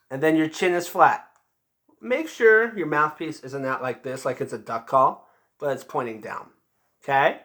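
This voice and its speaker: A male band teacher gives a patient, step-by-step lesson, pausing often to check that students follow along. His voice is bright and sits a bit high for a man, and he keeps his instructions plain and encouraging.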